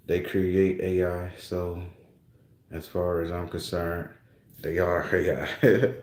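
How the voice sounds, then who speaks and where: A man's voice: low-pitched, little pitch movement, takes it slowly, pauses often, a little mellow, echoey room. A man hosting his own channel, talking casually and loosely to his viewers, with rambling restarts and frequent swearing. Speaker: spiritual channel host.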